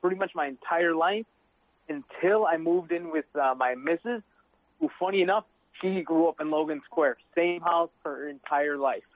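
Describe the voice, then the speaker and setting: A man from Chicago's South Side joins a podcast as a guest, speaking in a high voice. He is animated and jokey, and he swears freely in casual banter. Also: normal speed, narrow, tinny audio. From South Side of Chicago, USA.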